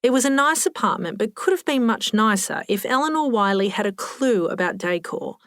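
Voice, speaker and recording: A woman narrates a story with a wry, expressive delivery, close to the mic. Her voice sits in a mid range, and the recording is dry with no room sound. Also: medium pitch, moderate pace, no room sound. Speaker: audiobook narrator. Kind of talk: scripted narration.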